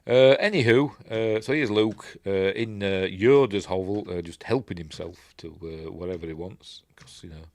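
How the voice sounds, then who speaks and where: A man's voice: fairly low pitch, moderate pace, hardly any pauses, a little mellow, no echo, studio quality. A man with a Yorkshire accent hosting a casual film review at home, rambling chattily with tag questions and asides. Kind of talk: casual film commentary over the movie.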